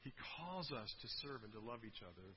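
A man's voice: mid-range voice, big pitch swings, a little fast, long reverb tail, lo-fi sound, a little hiss or hum. A man preaching a sermon in a conversational way, often asking his listeners rhetorical questions. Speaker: pastor.

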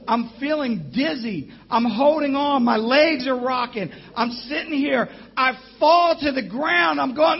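A man preaching a sermon, telling a personal story in an animated, excitable way. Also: very high-pitched, a little slow, creaky, few pauses. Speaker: guest preacher. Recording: dull lo-fi church recording.

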